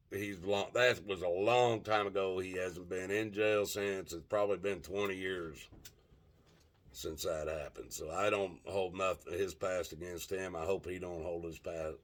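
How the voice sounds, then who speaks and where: Rambling, cussing older man. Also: low-pitched. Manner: rambling, profane, gropes for words with many fillers. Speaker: vlogger. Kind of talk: casual storytelling monologue.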